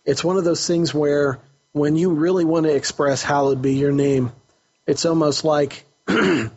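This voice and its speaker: Earnest husky man on a lo-fi recording. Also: fairly high pitch, fairly even intonation, moderate pace, a little mellow. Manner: earnest, repeats words while searching for phrasing. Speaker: counselor host. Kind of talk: casual faith talk. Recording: dull lo-fi recording.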